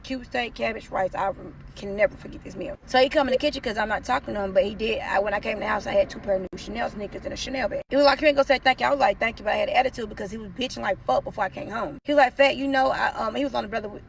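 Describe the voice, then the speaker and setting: Fast-talking woman with a gravelly voice. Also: on the high side, slight background noise. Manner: profane, animated, acts out quotes. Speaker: storyteller. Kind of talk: casual storytime.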